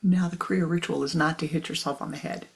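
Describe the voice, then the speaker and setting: A woman spiritual teacher telling a story in a sermon, hushed and dramatic, often sliding into a whisper. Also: deep voice, steady tone, fairly quick, vocal fry.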